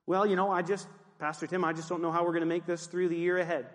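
A pastor playing a grumbling churchgoer who reels off excuses in a rush. His voice sits high for a man, and a long hall echo trails it. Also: little pitch movement, natural voice. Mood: complaining. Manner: rushed, complaining.

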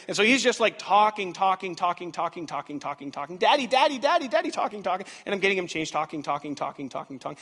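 In a reverberant church hall, a high-voiced man in his thirties delivers a sermon as pastor. He's dramatic and animated, alternating between loud bursts and quiet asides.

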